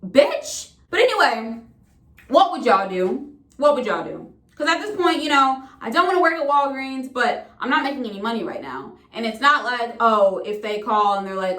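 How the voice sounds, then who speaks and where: A woman's voice: sits high, lively intonation, normal speed, fairly bright tone. A young woman venting casually to camera, exasperated and profane. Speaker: vlogger. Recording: roomy echo.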